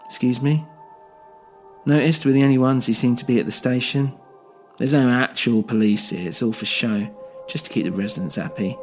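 A man's voice: medium pitch, a little mellow, lightly acted. A man playing a bitter, world-weary old man posing as a police officer, who talks scornfully.

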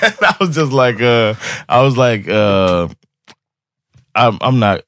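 A man on a podcast, telling a story in an animated way, laughing often and acting out the people he quotes. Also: mid-range voice, slow pace, very noisy. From United States. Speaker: podcast co-host. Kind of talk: casual storytelling chat.

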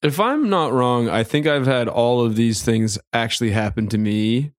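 A man in casual comedic chat, trading absurd jokes in a deadpan manner. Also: medium pitch, normal speed, no room sound.

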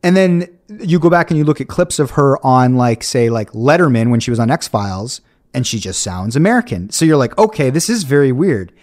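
A man co-hosting a casual podcast chat, telling stories with quick enthusiasm. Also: mid-range voice, animated, darkish tone.

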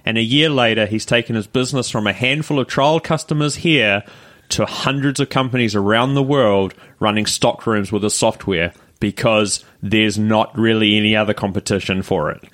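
A man's voice: fairly low pitch, normal speed, fairly bright tone. Rambling New man telling stories. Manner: rambling storyteller, many fillers. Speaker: podcast co-host. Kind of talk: casual chat.

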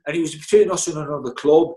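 A former footballer and physio telling stories in an animated, chatty way, repeating himself and laughing often. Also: male voice, fairly high pitch, quick pace. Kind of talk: casual storytelling interview.

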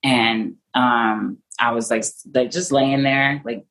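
A young woman recounting a hard personal experience in conversation, halting and full of fillers and restarts, her voice often soft and trailing off. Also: rumbling low, fairly even intonation, rough recording. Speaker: interview guest.

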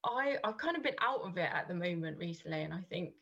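A woman's voice: fairly low pitch, expressive, fast, gravelly, a bit bright, slightly rough, lo-fi sound. A woman, chatting casually as a podcast guest, rambling with many restarts and fillers. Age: 30s.

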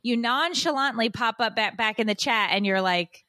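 A woman hosting a podcast, telling a story in frank, animated casual chat and acting out what people said. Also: a little high, moderate pace, dry recording, studio quality. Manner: animated, acts out quotes, frank and profane. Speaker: podcast host.

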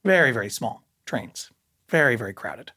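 A man telling a personal story in casual conversation, lively and full of restarts, jumping up in pitch for emphasis. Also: moderate pace, breathy edge. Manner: animated, many restarts, jumps up in pitch for emphasis.

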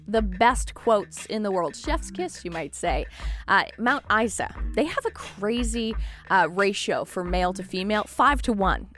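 A woman's voice: mid-range voice, fairly bright tone. A woman hosting a casual news podcast, reading the stories with wry, joking asides. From Canada. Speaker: podcast host.

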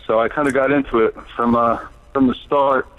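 A man's voice: medium pitch, fairly even intonation, fairly quick. A man in his thirties, a brewer calling in as a guest, telling his story in a plain, easygoing way with many fillers. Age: 30s. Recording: tinny phone line.

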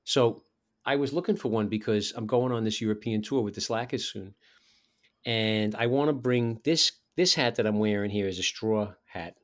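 A man's voice: fairly low pitch, moderate pace. A man from New York with a borough accent, chatting casually as a musician and mimicking people in his stories. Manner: animated storyteller who mimics people he knew. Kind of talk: casual chat.

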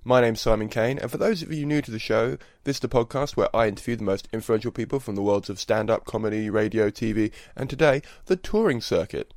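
A man's voice: on the low side, quick pace, hardly any pauses, darkish tone, no room sound. A man hosting a podcast, giving a chatty, earnest spoken introduction. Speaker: podcast host.

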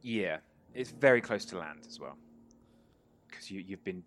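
A man narrating as game master of a tabletop role-playing game, relaxed and storytelling, with many fillers. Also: low-pitched, a little slow.

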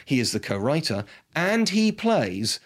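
A man's voice: on the high side, very animated, unhurried. A man talking casually and enthusiastically about films, rambling with frequent restarts. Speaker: film reviewer. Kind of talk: casual film talk.

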